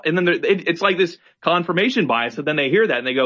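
A man with a fairly high voice talks animatedly in a casual conversation, acting out exasperated lines of dialogue. His sound is slightly dull and lo-fi. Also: quick pace, hardly any pauses. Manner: animated, acts out exasperated quotes.

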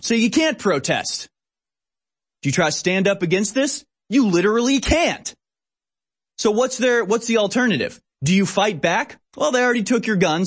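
A male host giving political commentary over a video clip, emphatic and preachy, repeating phrases for effect. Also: on the high side.

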